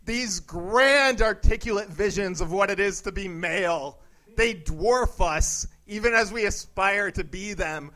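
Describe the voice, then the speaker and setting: A man playing a deadpan young bro who delivers grandiose, pseudo-philosophical musings in an improvised comedy bit. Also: high voice, a little slow, rough recording.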